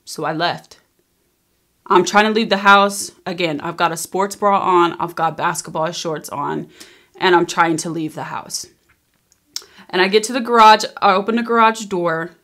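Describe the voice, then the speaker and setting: A woman's voice: on the low side, normal speed. Woman telling a dramatic personal story. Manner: emphatic, animated retelling, acting out quoted lines. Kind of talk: casual storytime vlog.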